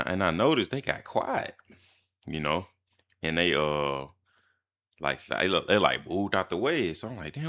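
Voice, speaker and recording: A young man from Mississippi, telling a personal story in casual, slangy, animated vlog style. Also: very deep voice.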